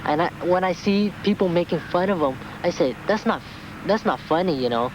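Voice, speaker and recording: A man's voice: high-pitched, expressive, a little fast, dull audio. Earnest man, noisy street behind. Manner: earnest, indignant storytelling. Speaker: interviewee. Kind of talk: documentary interview.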